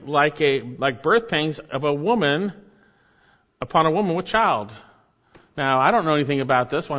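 A man preaching a sermon with earnest emphasis, often dropping his voice low and soft to stress a point. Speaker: pastor. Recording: dull sound with long hall reverb.

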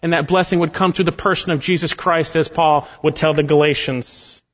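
A man preaching a sermon, reading scripture aloud and rising and falling in pitch and volume for emphasis. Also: steady tone, brisk, muffled recording. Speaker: pastor.

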